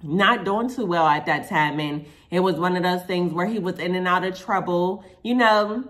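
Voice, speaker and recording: A woman's voice: on the low side, moderate pace, a bit bright. A woman from Pittsburgh, Pennsylvania, telling a personal story to her viewers in a casual, chatty way, full of fillers and asides to "y'all". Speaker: vlogger.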